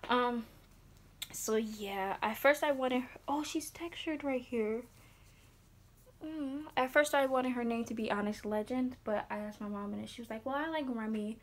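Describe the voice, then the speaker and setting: A young woman vlogging casually as she unboxes something, gushing and often dropping into breathy whispers. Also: a little high, measured pace.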